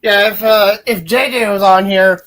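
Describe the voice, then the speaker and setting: Laughing, bright-voiced male guest. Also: high-pitched, steady tone, moderate pace. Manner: laughs often, rambling and restarting. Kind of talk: casual livestream chat.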